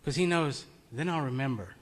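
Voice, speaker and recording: A man's voice: medium pitch, expressive, brisk. A man giving an informal, conversational sermon in a meeting room. He tells stories and chuckles often. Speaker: preacher.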